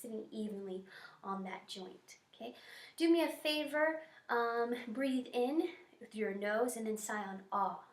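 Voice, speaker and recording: A woman teacher guiding students through breathing and posture warmups in an encouraging, instructive way. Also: medium pitch, recorded from a distance. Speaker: music teacher. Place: school music room. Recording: echoey room.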